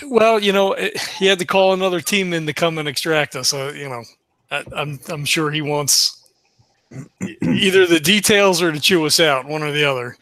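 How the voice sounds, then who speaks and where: Give me a man with a fairly high, bright voice playing a tabletop game, stammering a bit. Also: dry recording. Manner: quick, stammering restarts. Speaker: player. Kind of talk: casual tabletop play.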